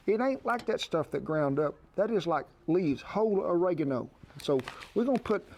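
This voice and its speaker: A man's voice: high voice, animated, normal speed, a little mellow, slight background noise. Folksy man cooking outdoors. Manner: folksy, homespun talk. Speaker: outdoor cook. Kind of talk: cooking demonstration.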